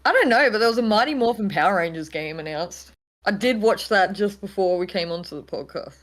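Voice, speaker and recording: A woman's voice: mid-range voice, animated, fairly quick, rough recording. A woman co-hosting a podcast, chatting in a laid-back way and hedging with "like". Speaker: podcast co-host. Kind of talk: casual chat.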